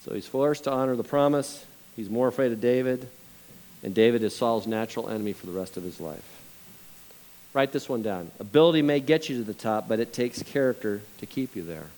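A male pastor preaching a sermon in a lively, conversational way, asking his congregation questions and adding jokes between Bible readings. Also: medium pitch, a little fast, poor audio.

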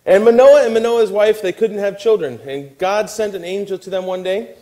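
A man preaching a sermon, telling a Bible story with lively, animated delivery and acting out the characters' voices. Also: sits high, moderate pace, poor audio. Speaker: pastor.

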